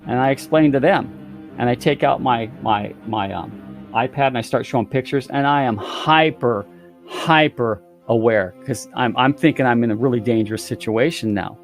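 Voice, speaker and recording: A man's voice: medium pitch, normal speed. Male guest storyteller, theatrical, mid-range voice, faint music bed. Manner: theatrical, exaggerating for effect. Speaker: podcast guest. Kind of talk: animated storytelling.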